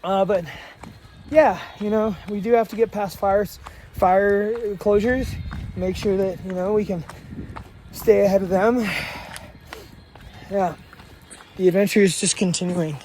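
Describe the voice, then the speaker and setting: A long-distance hiker from Washington state walks a mountain trail and talks to the camera, thinking aloud in a vlog. The hiker rambles, often breaking into awestruck exclamations. The voice is medium-pitched and mellow, fairly even, measured, with long pauses.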